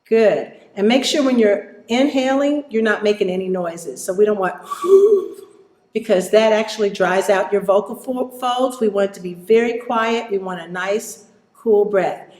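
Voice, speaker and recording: A woman teaching children a vocal warm-up, encouraging them and demonstrating exercises. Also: mid-range voice, moderate pace, reverberant. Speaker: music teacher.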